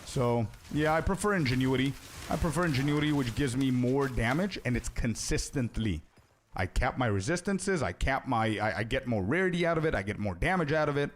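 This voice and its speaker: A man's voice: medium pitch, animated, fairly quick, slight background noise. A young man streaming a game, chatting casually with viewers and answering their questions. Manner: chatty, answers chat, says "bro" often. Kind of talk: casual live-stream chat.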